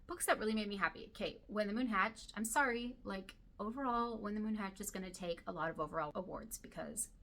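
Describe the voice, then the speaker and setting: A woman chatting casually to camera about books she loves, gushing and sometimes dropping to a soft whisper, her throat dry and irritated. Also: medium pitch, a little fast, hardly any pauses. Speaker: book vlogger.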